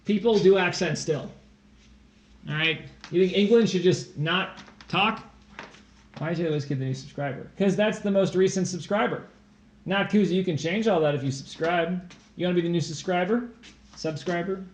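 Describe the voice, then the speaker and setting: A man's voice: high voice, moderate pace. A man hosting a tutoring livestream, chatting casually and teasing viewers in a playful way. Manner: playful, teasing, jumps into silly voices. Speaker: tutor and stream host. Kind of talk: casual joking livestream banter. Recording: echoey room.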